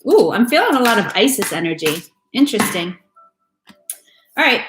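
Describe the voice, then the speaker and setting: A woman's voice: medium pitch, big pitch swings, normal speed, pauses often, faint music behind. A woman giving a loose, chatty live-stream tarot reading, swearing casually and greeting viewers by name. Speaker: tarot reader. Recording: echoey room with faint noise.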